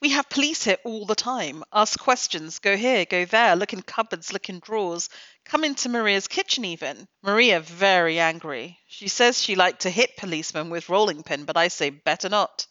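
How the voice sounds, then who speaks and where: A woman's voice: mid-range voice, expressive, moderate pace, bright, forceful tone, no echo, dull audio. Woman doing a fretful handyman. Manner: fretful, broken English. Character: anxious chattering male household handyman.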